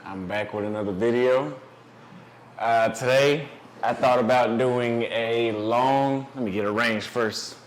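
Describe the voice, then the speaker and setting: A man's voice: mid-range voice, a little slow. A young man talking casually to camera, giving dating advice and telling a story, loose and profane, with rambling restarts.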